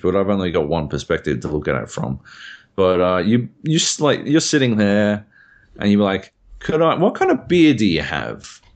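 A young Australian man, a podcast co-host, rambling through a casual chat and swearing freely. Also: deep voice.

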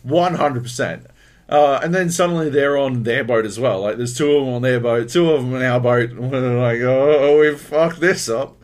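A man's voice: medium pitch, normal speed. An Australian man co-hosting a podcast, telling a gaming story in casual chat, swearing freely and acting out what other people said. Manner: animated, swears a lot, acts out other people's lines. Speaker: podcast co-host.

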